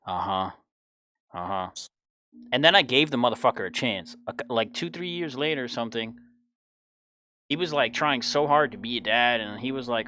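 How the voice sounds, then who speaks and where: A man's voice: medium pitch, normal speed, pushed and bright. A young man in his twenties telling a personal story in a casual, blunt, profane way. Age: 20s. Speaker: podcast host.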